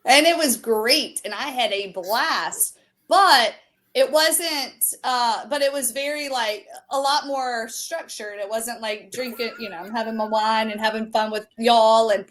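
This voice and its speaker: A woman with a high voice tells a story in casual chat. She talks at an unhurried pace. She is animated and leans on plenty of fillers. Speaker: show regular and storyteller.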